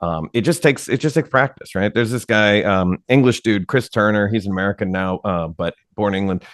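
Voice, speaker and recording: A man, a podcast guest, explaining things in a relaxed, matter-of-fact way during casual conversation. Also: fairly low pitch, brisk, no room sound, clean studio sound. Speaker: podcast guest, writer and improv teacher.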